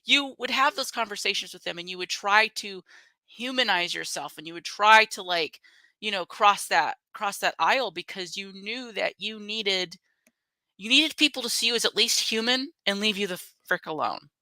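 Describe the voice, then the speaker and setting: A woman with a bright, forward voice speaks bluntly and candidly in a relaxed chat. She laughs easily. Her voice sounds close and dry, with almost no room around it. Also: mid-range voice, normal speed, no echo, rough recording. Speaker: guest. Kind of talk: casual conversation.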